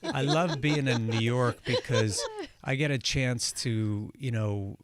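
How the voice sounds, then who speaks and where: A man as a guest on a morning radio show, chatting in a relaxed, rambling way with lots of restarts. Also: medium pitch, takes it slowly. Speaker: guest musician and actor. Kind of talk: casual radio interview chat. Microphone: studio microphone, dry.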